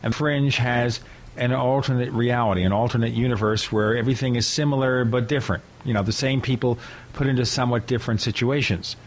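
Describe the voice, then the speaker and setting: A man's voice: mid-range voice, fairly even intonation, brisk. A man hosting a podcast, asking curious, probing questions with a joking side. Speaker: podcast host. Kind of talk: casual podcast interview.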